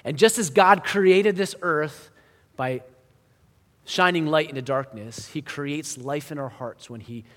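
A male pastor preaching a sermon in a conversational style, building to emphatic lines and then dropping to quiet ones. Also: a little high, a little slow. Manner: conversational preaching with rising emphasis and hushed drops. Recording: long hall reverb.

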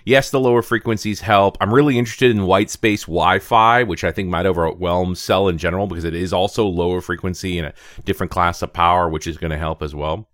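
A man's voice: low voice, a little fast, few pauses, no echo, clean studio sound. A man co-hosting a tech podcast in casual chat, reading listener mail aloud. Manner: animated, reads listener email aloud. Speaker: co-host.

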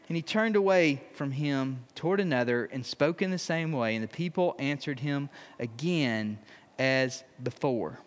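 A man's voice: mid-range voice, lively intonation, measured pace, long reverb tail. A man preaching a sermon. He reads scripture aloud, then explains it in a conversational way with touches of humor. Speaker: pastor.

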